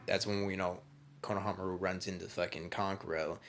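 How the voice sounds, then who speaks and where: A man's voice: low-pitched, little pitch movement, fairly quick, a bit bright, slight background noise. A young man vlogging, telling a comedic story in crude, rambling slang.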